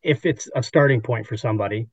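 A man hosting a podcast, speaking in an upbeat and affirming way at a middle pitch. His voice comes through a dull, slightly lo-fi mic with a dry, close sound. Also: fast talker, breathy edge, dry recording. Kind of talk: casual chat.

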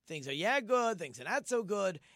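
A man teaching an informal Torah lesson, animated and acting out the quoted speech of the figures he discusses. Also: high-pitched, moderate pace, gravelly, no echo, clean studio sound. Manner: animated, acts out quoted speech in different voices.

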